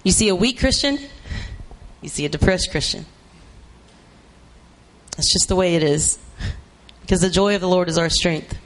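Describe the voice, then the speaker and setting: A man preaching a sermon, emphatic and repetitive, rising to shouts for emphasis. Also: high-pitched, lively intonation, moderate pace, pauses often.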